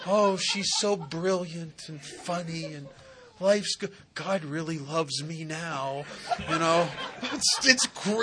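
A man's voice: on the high side, unhurried, crowd noise. A man speaking at a recovery meeting, telling funny stories about relationships in a folksy, wisecracking, emphatic way. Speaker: AA speaker sharing his story. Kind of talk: humorous recovery talk at a meeting.

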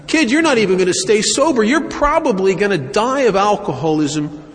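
A man's voice: high-pitched, expressive, normal speed, pitched above the performer's own voice. A man doing a blunt, smug sober old-timer. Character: smug, sober older man who helps alcoholics. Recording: long hall reverb, faint ambience.

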